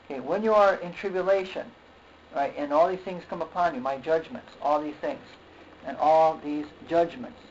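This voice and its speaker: Man preaching, halting and repetitive, fairly high voice, muffled lo-fi recording, faint hiss. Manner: halting, repeats words, says okay often, clears throat. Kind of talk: sermon. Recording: dull lo-fi recording with faint noise.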